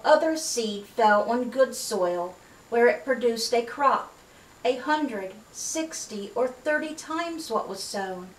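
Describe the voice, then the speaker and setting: A woman with a fairly high voice reads scripture aloud at a measured pace and breaks off for casual, friendly asides. She sounds set back from the mic in an echoey room. A faint hiss sits under the recording. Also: distant mic. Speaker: Bible reader. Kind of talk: Bible reading aloud.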